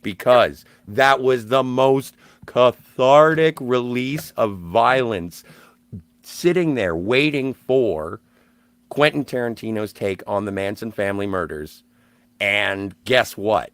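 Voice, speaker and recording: A man's voice: medium pitch, takes it slowly, fairly bright tone, smooth, no room sound. A man co-hosting a podcast, talking about a film emphatically and swearing freely. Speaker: podcast co-host. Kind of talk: casual film discussion.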